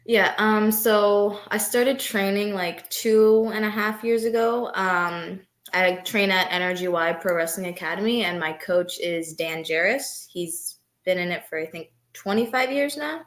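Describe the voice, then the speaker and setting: A young woman wrestler answering interview questions in a soft, hesitant way, with many fillers. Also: mid-range voice, measured pace, few pauses, roomy sound. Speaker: wrestler guest.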